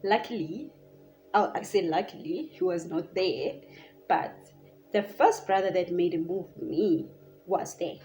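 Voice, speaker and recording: A woman's voice: fairly low pitch, a little slow. Young south african girl rambling a storytime, lots of "like", faint music under. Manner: animated, chatty, lots of filler "like". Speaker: vlogger. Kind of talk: casual storytime.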